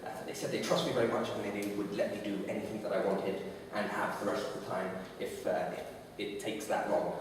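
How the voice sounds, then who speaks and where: A man's voice: fairly low pitch, fairly even intonation, slight background noise, lightly acted. A man on stage playing an awkward male comedian who stalls with uh and restarts, recorded from far off in an echoey dance studio. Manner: halting, full of uh and restarts. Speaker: live performer. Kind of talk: stage reenactment of a stand-up routine. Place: dance studio, in front of an audience. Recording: echoey hall, mic far off.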